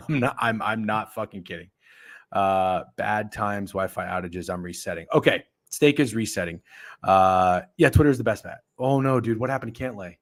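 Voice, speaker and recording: A man's voice: on the low side, normal speed. A man hosting a casual sports betting talk show, ranting and swearing. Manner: profane, ranting, animated. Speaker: podcast host.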